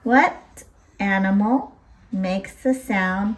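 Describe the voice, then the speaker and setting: A woman leads a toddler lesson in a fairly high, bouncing sing-song voice. She speaks very slowly and imitates farm animal noises along the way. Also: lively intonation. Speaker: children's teacher.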